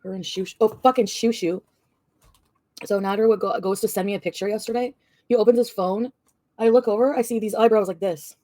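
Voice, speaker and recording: A woman's voice: medium pitch, steady tone, brisk, warm tone, no echo, clean studio sound. A woman vlogger venting and ranting, swearing often and rambling. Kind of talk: ranting vlog.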